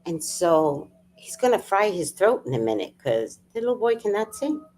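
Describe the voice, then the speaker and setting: A woman's voice: lowish voice, very animated, normal speed, darkish tone, slight background noise. A woman hosting a casual livestream, chatting with viewers, laughing often and greeting people by name. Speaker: livestream host.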